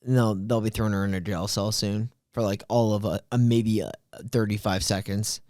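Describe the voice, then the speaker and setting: A man's voice: fairly low pitch, steady tone, normal speed, a little mellow, no room sound. Man, podcast co-host, blunt, cursing, casual movie chat, dry close sound. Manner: blunt, swears freely.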